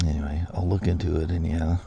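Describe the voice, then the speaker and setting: Gravelly low-voiced man chatting casually. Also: level tone, fast, background noise. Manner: rambling, easygoing storytelling with restarts. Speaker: vlog host. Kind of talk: casual chat.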